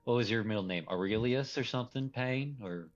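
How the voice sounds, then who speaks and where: A man's voice: medium pitch, a little fast, dull audio. A man running a tabletop role-play as game master, talking in a loose, rambling way and laughing often.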